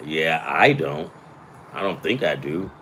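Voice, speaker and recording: A man's voice: extremely low pitch, lively intonation, slow pace, fairly bright tone, slight background noise. A man hosting a casual sports betting chat, rambling and profane, with self-deprecating asides. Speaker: sports betting picks host.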